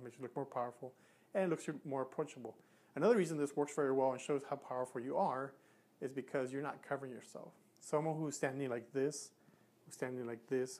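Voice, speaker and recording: A man's voice: medium pitch, darkish tone. A man giving earnest advice to camera, often restarting his sentences and demonstrating with his body. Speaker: communication coach. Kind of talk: instructional talk to camera.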